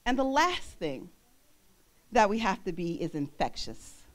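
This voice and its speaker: A young woman minister preaching a sermon in a church, animated, laughing often and breaking into song. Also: medium pitch, unhurried.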